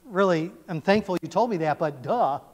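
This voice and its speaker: A man's voice: high-pitched, expressive, moderate pace, big-room sound. A man voicing a sarcastic fourteen-year-old boy, in a dry, mocking drawl.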